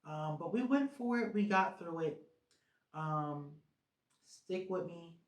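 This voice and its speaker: Chill podcast host talking slow and loose, lots of ums and likes, kinda echoey room. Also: mid-range voice, expressive. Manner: rambling, many fillers like "um" and "like". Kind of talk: casual solo podcast chat. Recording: roomy echo.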